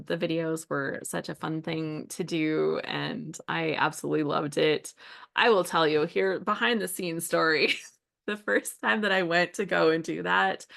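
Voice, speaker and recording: Chatting casually as she crafts, a woman hosting a scrapbooking livestream tells stories with frequent laughs and fillers. She has a low, gravelly voice that's a bit bright.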